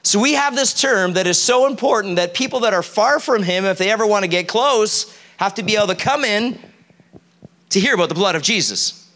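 A male preacher with a high, bright voice that rides up high. He delivers a sermon in a church, animated and throwing questions out to the congregation. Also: brisk. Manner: animated, quizzes the audience.

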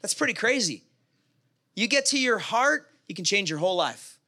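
A man preaching a sermon to his congregation in a conversational, animated way, with asides and questions to the room. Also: high voice, moderate pace. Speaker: pastor.

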